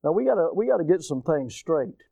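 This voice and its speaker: Male pastor, high voice, dry close sound, emphatic sermon delivery. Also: big pitch swings, a little fast, vocal fry, no room sound. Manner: emphatic preaching with rising shouts and sudden quiet drops.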